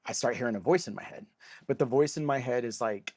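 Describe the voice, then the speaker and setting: Man, comedian guest, casual storytelling, rambling, lots of "like", mid pitch, dry close mic. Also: quick pace, a little mellow, dry recording. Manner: rambling, heavy use of "like", acts out quoted voices.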